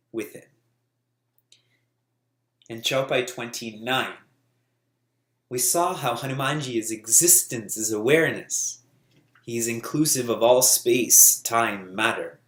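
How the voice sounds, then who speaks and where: A man giving a spiritual talk as a teacher, lively and often laughing as he tells stories. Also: mid-range voice, reverberant.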